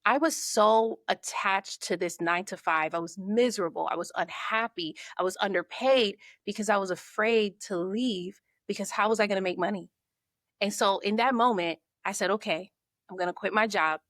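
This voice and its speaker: A woman speaks as a guest on a podcast, recounting her past with energy and voicing her own inner thoughts as she goes. Her voice sits at an ordinary middle pitch for a woman. The recording is dry and close, with no room echo. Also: normal speed. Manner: lively storyteller who acts out her own inner thoughts. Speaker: podcast guest, marketing coach. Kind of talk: conversational storytelling.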